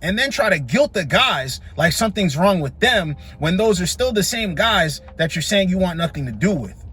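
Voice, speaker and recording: A man's voice: sits high, big pitch swings, moderate pace, sharp tone, slightly rough. A man hosting a reaction channel, giving blunt, scolding commentary that keeps repeating its points.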